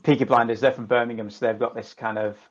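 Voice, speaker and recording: A man's voice: mid-range voice, flat delivery, quick pace, lo-fi sound. A middle-aged man from northern England with a Lancashire accent, chatting as a podcast guest in a jokey, swearing way. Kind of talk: casual chat.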